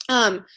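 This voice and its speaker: A woman's voice: fairly high pitch, breathy edge. A woman leading her team call, gushing with thanks and praise in a chatty way. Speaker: team leader.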